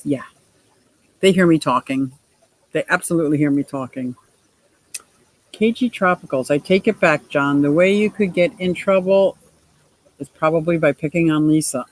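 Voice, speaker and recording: A woman's voice: on the low side, dry recording, lightly acted, low-quality recording. A woman doing an impression of a chatty male fishkeeping friend as she hosts a casual live stream by her fish tank, cheerful and gushing. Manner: cheerful, gushing, quick to laugh.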